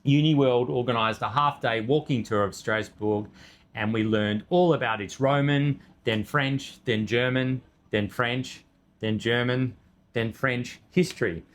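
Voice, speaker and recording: A man's voice: medium pitch, unhurried, slight background noise. A middle-aged man co-hosting a travel show, chatting casually and easily about a trip, with fillers. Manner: relaxed, easygoing storytelling with fillers. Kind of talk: casual travel recap chat.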